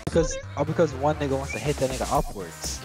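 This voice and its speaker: A man's voice: medium pitch, quick pace, loud music behind the voice. A man joking around and calling out plays while gaming with friends. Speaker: gamer playing with friends. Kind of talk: casual game chat.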